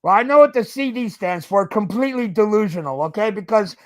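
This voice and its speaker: Brief: high-pitched podcast host in his fifties, profane ranter, keeps saying "okay?". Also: expressive, a little fast. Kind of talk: casual chat.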